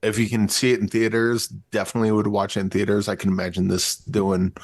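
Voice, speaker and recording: A man co-hosting a casual movie review podcast, chatty and excited, laughing often. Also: on the low side, fast, no room sound, studio quality. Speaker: podcast co-host.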